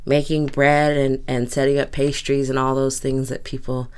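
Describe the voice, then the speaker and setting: A woman in her twenties from Durham, North Carolina, telling a personal story in a thoughtful way with frequent pauses. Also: very deep voice, level tone, darkish tone, clean tone. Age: 20s. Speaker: community storyteller. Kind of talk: reflective storytelling.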